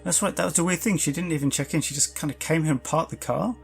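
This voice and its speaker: A man's voice: a little high, fast talker, gravelly, faint music behind, voice pushed up. A man voicing a chatty male hotel clerk in a tabletop game, rambling with lots of fillers.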